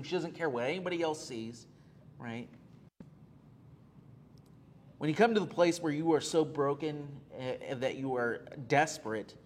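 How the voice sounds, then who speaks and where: A man's voice: medium pitch, a little hiss or hum. A male pastor preaching a sermon, earnest and repeating key phrases for emphasis, with frequent "uh" fillers.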